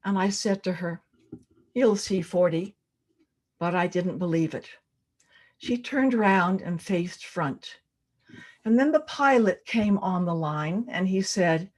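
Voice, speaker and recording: Older woman, storyteller, live personal story, dramatic pauses, hushed at tense moments, mid-pitched voice. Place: storytelling event.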